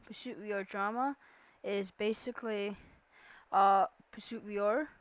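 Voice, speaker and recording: A woman's voice: medium pitch, fairly even intonation, unhurried, clear, resonant tone. A young woman giving a casual voice-over about a video game, rambling with lots of fillers and restarts. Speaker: YouTuber explaining a game iceberg.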